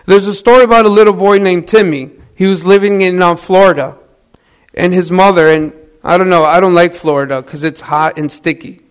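A man with a notably high-pitched voice delivers a sermon. He tells it like a story, loose and conversational, tossing questions to the congregation and correcting himself mid-sentence. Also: fairly even intonation, brisk, clear, resonant tone. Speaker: preacher.

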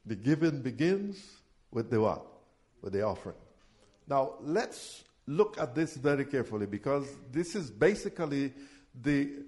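A man preaching a sermon as pastor, asking the congregation to finish his sentences and rising loud and emphatic on key words. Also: mid-range voice, very animated, moderate pace. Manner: call-and-response questions to the congregation.

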